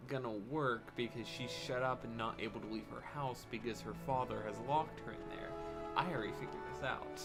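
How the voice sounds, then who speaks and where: A man's voice: mid-range voice, fairly quick, fairly bright tone. A man streaming a game, making dry, offhand asides. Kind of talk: gameplay commentary. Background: game music.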